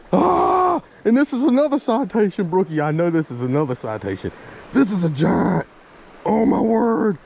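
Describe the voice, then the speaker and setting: A man from Virginia, narrating his fishing outdoors by a creek, excitable and chatty with viewers. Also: sits high, gravelly, highs cut off. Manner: excitable, exclaiming, talks to viewers as y'all. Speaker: fishing vlogger. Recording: faint stream and outdoor noise.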